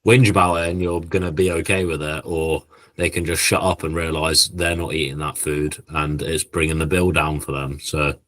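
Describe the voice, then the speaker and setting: A man's voice: extremely low pitch, steady tone, normal speed, fairly bright tone, dry recording. A young man on a podcast, talking bluntly with slang and swearing in casual chat. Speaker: podcast co-host.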